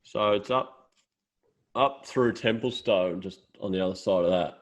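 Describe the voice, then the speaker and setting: A young Australian man with a fairly low voice chats casually as a podcast co-host. He tells long stories, swears freely and laughs as he goes. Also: unhurried. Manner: storytelling, swears freely, laughs while telling. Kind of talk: casual chat.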